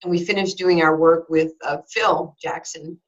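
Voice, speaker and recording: A woman's voice: deep voice, normal speed. Woman in her sixties telling a story. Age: 60s. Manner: animated, acts out both sides of conversations, frequent restarts. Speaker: former basketball player and sports broadcaster. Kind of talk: personal storytelling in an interview. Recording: slightly dull lo-fi audio.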